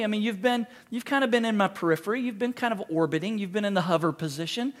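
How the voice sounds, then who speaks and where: High-voiced preacher man, animated. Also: fast talker, hardly any pauses. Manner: animated preaching with acted-out quotes and asides. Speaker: pastor. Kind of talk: sermon.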